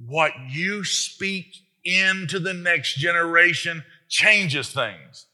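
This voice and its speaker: A male pastor delivers a lively sermon, leaning on rhetorical questions and emphatic asides. His voice sits a little high and rings very bright and forceful.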